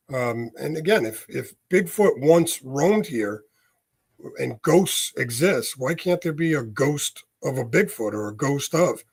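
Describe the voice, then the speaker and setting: A man's voice: fairly high pitch, slightly rough. A man, a medium, talking casually in an interview, explaining ideas with homely examples and often checking in with "right?". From United States. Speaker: guest, medium.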